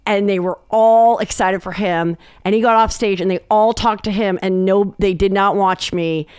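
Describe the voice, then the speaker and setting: A woman comedian guesting on a podcast, telling stories chattily and acting out quotes in a higher voice. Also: fairly even intonation, normal speed, darkish tone, smooth, no room sound, clean studio sound. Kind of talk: casual chat, storytelling.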